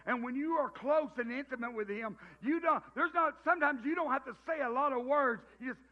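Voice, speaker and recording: A middle-aged pastor with a Southern US accent delivers a sermon in a folksy, joking manner, frequently restarting his sentences. His voice is very high, pushed and bright, moving a little fast with few pauses, and the recording sounds dull and lo-fi.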